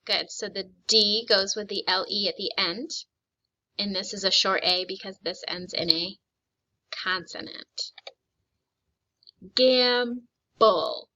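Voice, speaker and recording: Slow, bright-voiced woman teaching phonics. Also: medium pitch. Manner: slow, deliberate modeling of words for repetition. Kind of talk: phonics lesson for children. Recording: slightly dull lo-fi recording.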